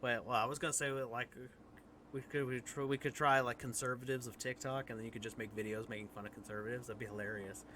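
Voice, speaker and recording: A man's voice: medium pitch, level tone, fast talker, crowd noise. A man hosting a casual chat podcast, joking and laughing often. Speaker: podcast host.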